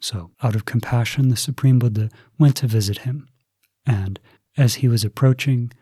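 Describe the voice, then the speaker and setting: Slow, husky-voiced male Buddhist preacher. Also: medium pitch, warm tone, dry recording, clean studio sound. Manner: slow, deliberate storytelling. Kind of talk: sermon storytelling.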